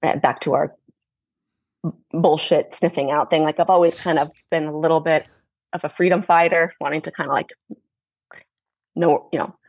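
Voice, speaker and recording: A woman's voice: low-pitched, fairly even intonation, normal speed, long pauses, a little mellow, no echo. A millennial woman yoga teacher, a guest in an interview, talking in a thoughtful, frank way and laughing often. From Los Angeles. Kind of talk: reflective conversational interview.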